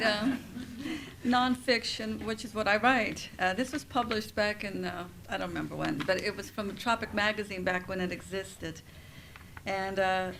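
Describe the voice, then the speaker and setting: A woman reading her own nonfiction aloud at a campus event, her voice at an ordinary middle pitch. She tells the story in an expressive, wry way. Faint ambient noise hangs in the background. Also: gravelly, low-quality recording. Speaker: professor and author. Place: campus writing center event.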